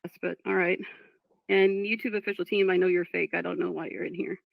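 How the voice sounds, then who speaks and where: Gravelly woman streamer on a dull mic. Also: on the low side, level tone, brisk, no room sound. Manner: frustrated, distracted by chat, apologetic. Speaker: livestreamer reading chat. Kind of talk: casual live stream talk.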